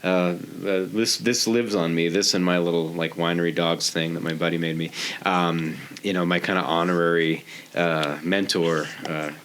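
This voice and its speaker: A man's voice: sits low, level tone, normal speed, a bit bright, a little hiss or hum. A man guest on a podcast in a casual group check-in, easygoing, laughing and repeating himself. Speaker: musician guest.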